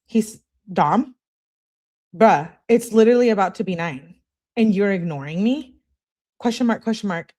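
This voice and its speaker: Reading case evidence on her channel, a woman says hello to viewers and works through text messages in a relaxed way, dropping frank, foul-mouthed comments. She speaks at medium pitch with a slightly mellow tone.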